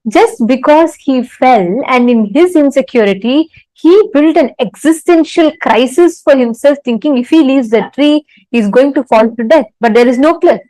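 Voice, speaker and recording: A woman giving an unhurried spiritual talk to an online audience, pausing often and telling a parable. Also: sits high, animated, mellow, no echo, low-quality recording. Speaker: spiritual teacher. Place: temple.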